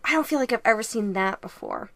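A woman co-hosting a podcast, analyzing a horror film in animated, emphatic casual chat. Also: fairly high pitch, quick pace, vocal fry, dry recording. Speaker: podcast co-host.

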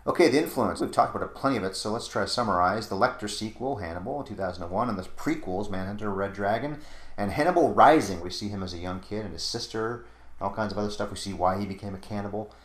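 A man co-hosting a podcast, chatting casually about a film, packing in trivia and acting out quoted lines. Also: lowish voice. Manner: brisk, trivia-heavy, acts out quotes. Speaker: podcast co-host. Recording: roomy echo.

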